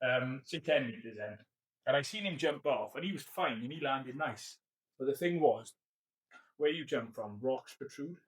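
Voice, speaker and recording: A man's voice: medium pitch, animated, moderate pace, husky, dry recording, low-quality recording. A young man, a podcast guest telling rambling, sweary, self-mocking stories. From Wales. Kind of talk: casual chat.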